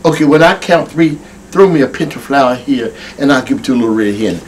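A man's voice: fairly quick, noisy background. A man working as a children's entertainer, telling a story and singing with kids in a playful, sing-song way. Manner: animated, sing-song, playful with big pitch jumps. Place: TV studio.

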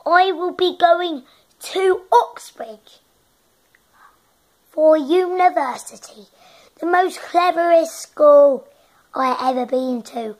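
A man's voice: very high-pitched, steady tone, extremely slow, few pauses, heavily acted. A young man voicing a boastful posh English man who brags about getting into a top university. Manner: puts on a posh accent, brags loudly.

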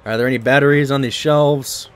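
A man streams a horror game and gives live commentary, chatting casually and joking at his own expense. His medium-pitched voice is brisk with fairly even intonation, and there's a little hiss or hum in the audio.

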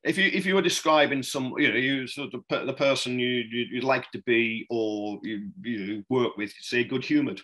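This middle-aged political journalist, a podcast guest, has a medium-pitched voice with a sharp tone and talks at a normal speed with few pauses. He tells rambling anecdotes full of restarts, "you know"s, and chuckles, and the audio quality is poor.

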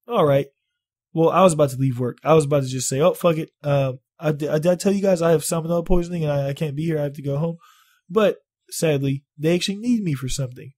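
A man vlogging, telling a story in casual, profane talk, animated and exaggerating. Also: mid-range voice. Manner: animated, swears a lot, exaggerates.

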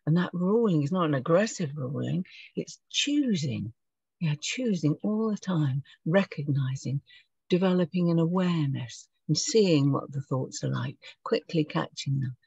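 Soft-spoken woman leading a meditation. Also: low-pitched, expressive, moderate pace, gravelly, husky, no echo, muffled recording. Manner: soft, reflective, gently guiding. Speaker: meditation leader. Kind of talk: gentle spiritual talk. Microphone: video call.

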